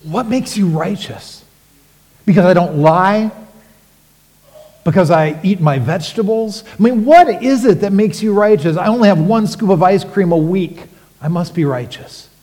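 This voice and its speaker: A man preaching a sermon as pastor, animated and rhetorical, with sudden emphatic rises. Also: high voice, normal speed, big-room sound.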